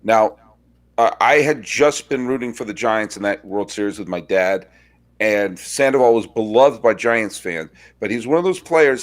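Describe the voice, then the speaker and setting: A man hosting a sports podcast, chatting casually and telling wry stories with quick asides. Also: mid-range voice. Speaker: podcast host.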